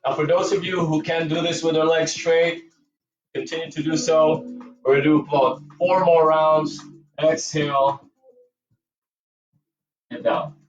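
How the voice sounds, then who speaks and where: Man, Cebuano accent, fairly high voice, encouraging class cues, roomy studio sound from a distance. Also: level tone, moderate pace, lo-fi sound, faint music behind. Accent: Filipino, Cebuano. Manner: encouraging, coaching with counted breath cues. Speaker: yoga and movement instructor. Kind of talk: cueing a fitness class. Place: dance studio.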